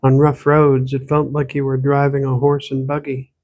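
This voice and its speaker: A man, the author, reading his own gothic horror novel aloud in steady, measured storytelling. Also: mid-range voice. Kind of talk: audiobook narration.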